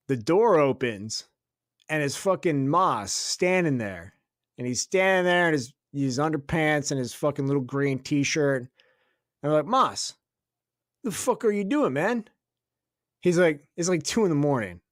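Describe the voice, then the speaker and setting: A man's voice: fairly high pitch, no room sound, clean studio sound. A young man co-hosting a podcast, telling a story in casual chat, swearing freely and laughing as he goes. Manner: profane, laughing storyteller doing quick voices of others. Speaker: podcast co-host.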